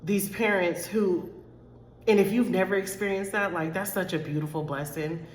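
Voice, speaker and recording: A woman's voice: on the low side, moderate pace, slight background noise. A woman life coach talking candidly to her followers, choked up and close to tears, repeating herself and calling her viewers y'all. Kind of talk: direct-to-camera talk to followers. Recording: echoey room with long reverb.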